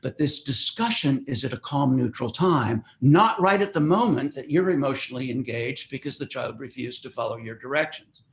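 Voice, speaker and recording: Older male presenter, casual teaching tone, mid pitch, web-meeting mic. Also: expressive, moderate pace, few pauses, a little hiss or hum. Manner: conversational, easygoing teaching with asides. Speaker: parenting workshop presenter. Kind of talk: webinar talk. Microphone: web meeting microphone.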